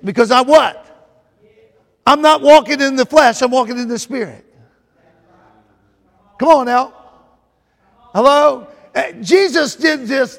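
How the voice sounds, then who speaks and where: A male preacher with a strikingly high voice delivers a sermon, circling back on his own phrases and calling out to the congregation. His words ring out with a long echo through a large church hall, and he builds to shouting at the peaks. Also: gravelly. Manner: repeats phrases and calls out to the congregation; rises to shouting at climaxes. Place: church sanctuary.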